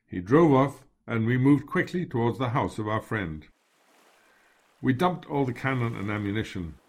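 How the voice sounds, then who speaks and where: A man narrating a first-person memoir in a steady, measured reading voice. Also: mid-range voice.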